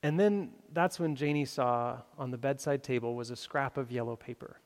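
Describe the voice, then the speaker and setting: A man's voice: medium pitch, moderate pace. A man preaching a sermon, telling a story with many fillers and restarts before making his appeal. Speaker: pastor. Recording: long hall reverb.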